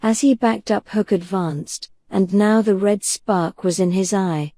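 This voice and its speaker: A woman narrating an audiobook in a calm, soothing bedtime reading style. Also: medium pitch, unhurried, dry recording.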